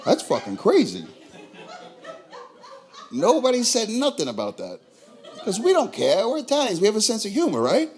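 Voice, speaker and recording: Brash, animated Californian comic. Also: male voice, sits high, moderate pace, pauses often, a faint crowd. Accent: Tulare, California. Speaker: stand-up comedian. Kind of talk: stand-up comedy set. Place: comedy club.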